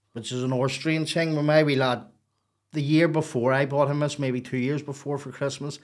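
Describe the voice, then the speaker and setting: A man, a podcast guest telling a story in a casual, animated, profane and rambling way. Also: mid-range voice.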